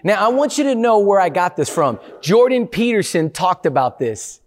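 Lively high-voiced male motivational speaker. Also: moderate pace. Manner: energetic, playful, asks the crowd questions. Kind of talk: motivational talk to a live audience.

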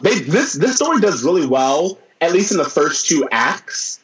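A man's voice: fairly high pitch, sing-song, moderate pace, a bit bright. A man chatting casually as a podcast co-host, talking at length and with enthusiasm about a movie. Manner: enthusiastic, rambling. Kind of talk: casual movie review chat. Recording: roomy, dull lo-fi sound.

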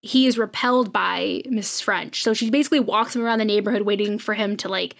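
A podcast co-host with a medium-pitched, steady voice talks briskly, with audible vocal fry. She recaps episodes in a loose, chatty, story-like way and acts out the quotes she shares.

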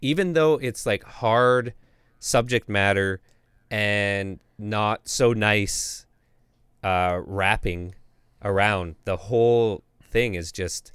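A man on a podcast talks about a director's films, slow and halting, often stopping to find the right word. His voice is low, clear and smooth. The recording is dry and close. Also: a bit bright, no room sound. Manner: slow, halting, searching for words. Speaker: podcast co-host, filmmaker. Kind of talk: casual film discussion.

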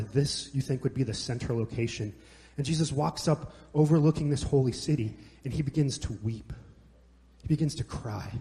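A man's voice: fairly high pitch, warm tone. A man preaching a sermon in a church hall, passionate and conversational, joking between scripture readings. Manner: passionate, conversational with jokes and restarts. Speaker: pastor.

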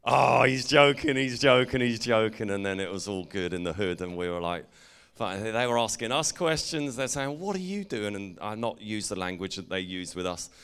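A man's voice: low voice, steady tone, normal speed, fairly bright tone, clean tone. Playful English man telling a story. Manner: playful, jokey, engages the audience. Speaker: preacher. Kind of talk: storytelling sermon to a congregation.

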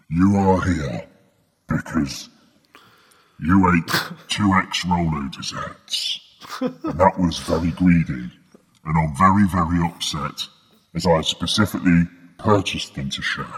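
A menacing puppet villain, as a man puts him on, drawls every word very slowly in a very low, husky voice. The lines ring out with a long reverb tail. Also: exaggerated voice. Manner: slow, ominous pronouncements. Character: menacing male puppet trap-game villain.

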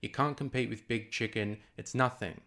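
An actor playing a grumpy Australian landscaper on a phone call, sulky, defensive and swearing freely. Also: male voice, medium pitch, steady tone, moderate pace, creaky, bright, forceful tone. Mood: grumbling. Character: grumpy male landscaper mate, blunt and sweary. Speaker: phone guest.

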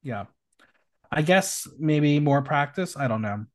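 A man hosting a casual recap podcast, opinionated and animated. His voice sits a little high and swings widely in pitch. He is recorded dry and close, with no room sound. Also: takes it slowly, no room sound. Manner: animated, opinionated, swings between loud and hushed. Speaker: podcast host.

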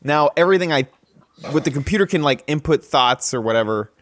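A man's voice: a little high, expressive, a little fast, a bit bright, no room sound. A man in a casual podcast chat, rambling and describing ideas at length. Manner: rambling, many "like" fillers.

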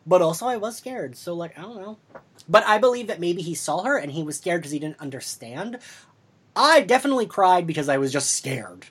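A man telling a story over drinks on a podcast in a casual, animated way, acting out the voices of the people he quotes. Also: high-pitched, fairly quick, husky.

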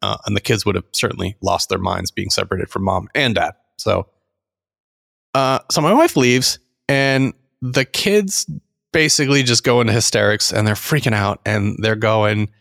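A man's voice: fairly low pitch, moderate pace, vocal fry. A middle-aged man telling a long story in casual podcast chat, acting out the voices of the people in it. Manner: animated anecdote teller, acts out quotes. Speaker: podcast co-host.

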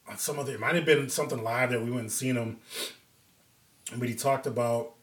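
A man hosting a casual podcast chat, retelling stories in an animated, profane way and laughing often. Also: mid-range voice, fairly quick. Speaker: podcast host. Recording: roomy echo.

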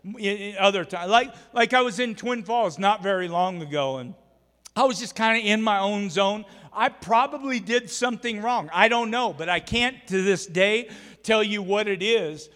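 A man preaching a sermon as pastor, animated and exhorting, acting out everyday scenes. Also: high-pitched, moderate pace. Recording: long hall reverb.

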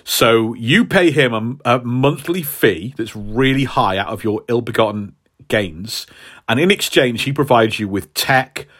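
Man, co-host, casual chat, rambling, hesitant fillers, mid-pitched voice. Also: unhurried, fairly bright tone. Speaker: podcast co-host.

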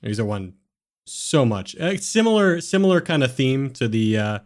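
A man's voice: medium pitch, normal speed. A man playing in a tabletop game, chatting casually and walking through rules step by step. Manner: relaxed, explains rules step by step. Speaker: player.

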